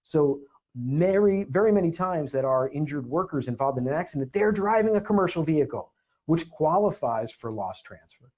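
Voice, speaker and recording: A man's voice: on the high side, lively intonation, normal speed, darkish tone, lo-fi sound. A man hosting a legal explainer podcast, talking emphatically with sarcastic asides. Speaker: podcast host and defense attorney.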